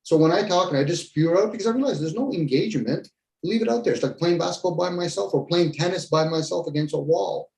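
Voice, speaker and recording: A man's voice: sits high, fast talker, gravelly, a little mellow. A man in casual conversation, talking bluntly and ranting, with some swearing. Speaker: podcast host. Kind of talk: casual debrief chat. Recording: echoey room.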